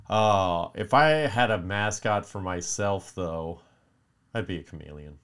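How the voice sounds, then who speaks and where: Young guy with a real low voice rambling through a story, swears a ton, mutters curses under his breath. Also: unhurried, fairly bright tone, clean tone. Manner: profane, rambling, with mock-whispered curses.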